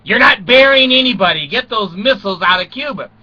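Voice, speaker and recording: A man's voice: sits high, animated, brisk, dull audio, pitched above the performer's own voice, full character voice. Older man doing a stern American president. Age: 60s. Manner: loud, raised orders.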